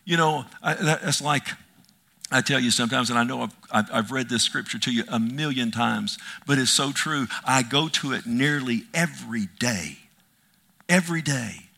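A male pastor preaching a sermon, emphatic and repetitive, swinging from loud proclamations to hushed asides and calling for amens. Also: mid-range voice, moderate pace, creaky. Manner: repeats phrases for emphasis, calls out amen.

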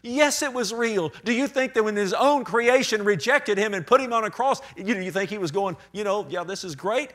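A man preaches to his church in an animated style, pushing his slightly high voice up for emphasis and then sinking to a near-whisper. He breaks into little acted voices of people from his stories as he talks. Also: a little fast, hardly any pauses. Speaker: pastor. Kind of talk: sermon.

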